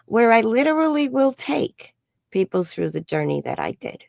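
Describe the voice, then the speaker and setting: A woman, an energy healer and psychic, telling a story in an interview and acting out the quoted dialogue in a higher voice. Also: big pitch swings, moderate pace, vocal fry, no room sound, clean studio sound. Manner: acts out quoted dialogue with high bright voices.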